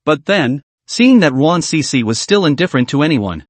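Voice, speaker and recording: A man narrating a comic recap as a voice-over, in a flat, machine-like reading. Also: on the high side, normal speed, dry recording.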